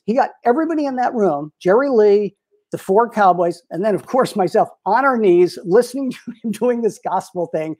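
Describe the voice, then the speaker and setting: A man in his sixties, a retired publicist and interview guest, telling lively anecdotes with frequent chuckles. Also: high voice, moderate pace. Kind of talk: storytelling in a casual interview.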